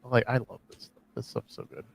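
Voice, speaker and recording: A man co-hosting a live comic reading stream, rambling casually and making self-deprecating jokes. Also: fairly quick. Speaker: co-host.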